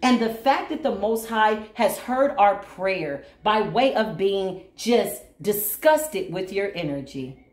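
Woman, spiritual reader, sassy, preachy, lively swooping voice, echoey room. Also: mid-range voice, slow pace. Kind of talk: casual spiritual reading to camera. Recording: roomy echo.

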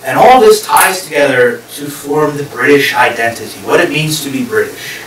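A man's voice: mid-range voice, lively intonation, normal speed, fairly bright tone. A man giving a public history lecture to a live audience, explaining step by step and putting questions to the listeners. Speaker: guest lecturer. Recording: echoey room, distant mic, faint hiss.

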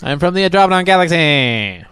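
Man playing a stiff, deadpan alien envoy. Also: a little high, smooth, no room sound. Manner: slow, stiff, formal diction. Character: formal, deadpan male alien visitor. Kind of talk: improvised comedy scene.

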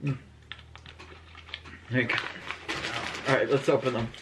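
A woman's voice: rumbling low, fairly even intonation, unhurried. A woman hosting a casual snack-tasting vlog, reading out the labels with enthusiasm. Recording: echoey room with faint noise.

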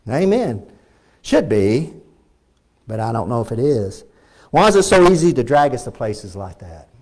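A man's voice: mid-range voice, big pitch swings, unhurried, darkish tone. A man with a Texan accent preaching a fervent sermon as pastor in a church, repeating his points and rising to emphatic peaks. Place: church sanctuary.

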